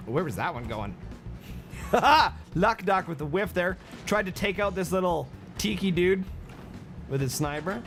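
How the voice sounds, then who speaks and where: A man with a high-pitched voice talks through a game livestream, brash and joking as he coaches his viewers. Faint music sits under his voice. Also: expressive, a little slow. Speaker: game streamer.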